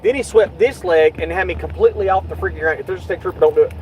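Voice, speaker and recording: A middle-aged man vents in a raised, slightly high voice as he rides in a vehicle. He swears freely and loudly acts out what others said. Faint road noise hums underneath. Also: racing, poor audio. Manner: agitated, swearing, reenacts quotes loudly. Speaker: YouTube channel host. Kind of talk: casual vlog chat in a car.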